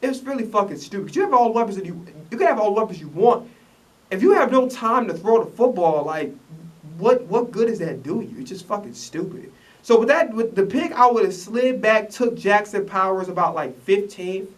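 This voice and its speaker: A man's voice: sits high, expressive, normal speed, far from the mic. A man rants in casual commentary, profane and rambling, stumbling over restarts. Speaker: vlogger reacting to the draft.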